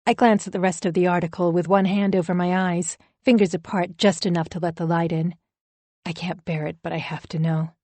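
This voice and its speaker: A woman reading a first-person audiobook thriller, wry and anxious in her telling. Her voice sits on the low side. The recording is close and dead dry. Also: fairly even intonation, fairly quick, a little mellow, no room sound. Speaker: audiobook narrator.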